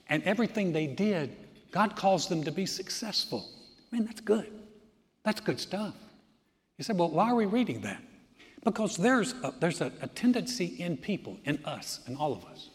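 A man preaching a sermon as pastor of a church, lively and acting out what people say. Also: a little high. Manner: animated, acts out people's remarks. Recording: long reverb of a church hall.

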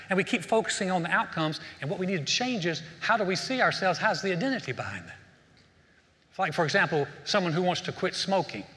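In a hall with long reverb, a male pastor preaches conversationally in a high-pitched, expressive voice that's brisk, bright, and forceful. He tells a joke and often restarts his words.

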